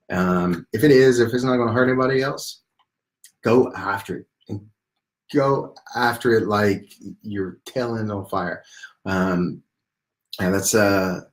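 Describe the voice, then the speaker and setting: Low-voiced man giving rambling coaching talk. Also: low-quality recording. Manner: rambling, many fillers, storytelling. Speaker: life coach. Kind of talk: casual seminar talk.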